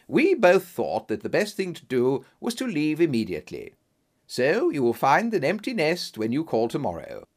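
Clever calm actress lady writing a letter, read by a guy, lively pitch. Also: heavily acted. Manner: measured letter reading. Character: clever cool-headed woman, an actress.

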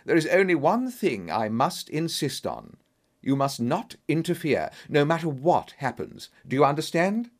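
A man voicing a calm, commanding male detective in an audiobook reading, precise and authoritative. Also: on the high side, normal speed.

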